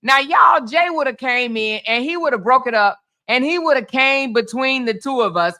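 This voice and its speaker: A woman hosts a casual reaction commentary and talks straight to her viewers. Her voice sits a little high, and her tone is bright and forceful. She speaks in an animated way, exclaiming as she reacts. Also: normal speed. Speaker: host.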